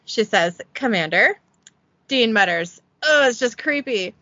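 A woman's voice: a little high, expressive, a little slow, bright, forceful tone, no room sound, muffled recording. A woman hosting a podcast, casually reading a script recap aloud and joking about it in a giggly, self-deprecating way. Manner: giggly, self-deprecating, reads quotes with little voicing. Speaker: podcast host recapping an episode.

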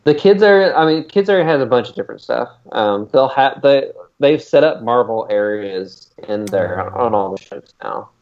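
A man's voice: mid-range voice, lively intonation, moderate pace, hardly any pauses, darkish tone. A man co-hosting a podcast in casual chat, rambling with plenty of ums and uhs. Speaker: podcast co-host. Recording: dull lo-fi recording.

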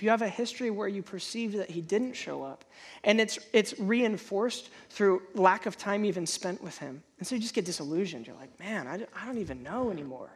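A pastor preaching a sermon, repeating and restarting words, and jumping high in pitch to act out inner voices.

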